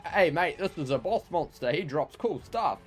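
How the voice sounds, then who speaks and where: A man's voice: fairly high pitch, lively intonation, normal speed, faint music behind, pitched above the performer's own voice, lightly acted. A man doing a put-on Australian accent for a casual male bounty hunter character in a game. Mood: breezy.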